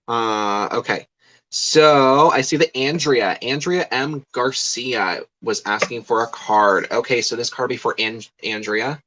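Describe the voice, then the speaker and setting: A man's voice: medium pitch, fairly even intonation, a little slow, bright, forceful tone, rough recording. A young man in his twenties, a psychic medium, giving a rambling live card reading full of fillers and restarts. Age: 20s.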